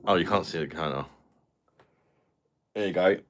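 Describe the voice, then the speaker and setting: A man's voice: low-pitched, moderate pace. A man from London with a British accent, chatting casually on a live stream and answering viewer comments. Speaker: beer review channel host.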